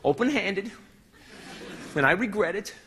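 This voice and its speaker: A male stand-up comedian telling a story on stage in a brash, self-mocking and animated way. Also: high-pitched, unhurried, slight background noise.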